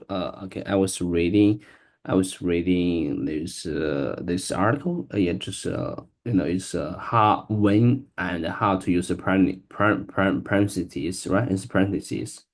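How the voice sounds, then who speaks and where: A man's voice: low-pitched, normal speed. A man learning English, reading aloud hesitantly, with many restarts and stumbles over words. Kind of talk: casual reading-aloud practice.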